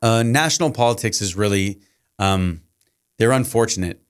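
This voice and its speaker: A middle-aged man, a high school teacher as podcast guest, telling long anecdotes and acting out the dialogue. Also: normal speed, clear, resonant tone. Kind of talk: casual podcast storytelling.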